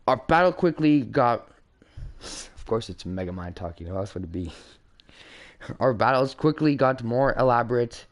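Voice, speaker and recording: A man's voice: mid-range voice, fairly even intonation, moderate pace, long pauses. A young man reading a film script aloud casually. He laughs and interrupts himself to comment. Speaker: script reader.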